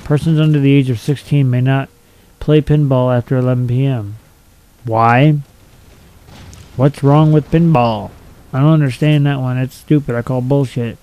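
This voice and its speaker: A man's voice: mid-range voice, steady tone, normal speed, dark tone, smooth, low-quality recording. A young man reading out silly laws and mocking each one in a blunt, profane, sarcastic way. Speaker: video commentator.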